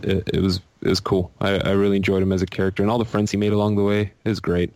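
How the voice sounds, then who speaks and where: A man in a casual chat as co-host, speaking haltingly with repeated words. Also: low-pitched, little pitch movement, darkish tone, dry recording. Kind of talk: casual chat about comics.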